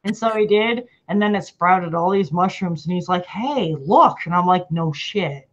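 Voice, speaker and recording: A woman's voice: fairly low pitch, steady tone, moderate pace, dull audio. Blunt, profane woman on a video call. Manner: blunt and profane, laughing often. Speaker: host. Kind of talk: casual chat.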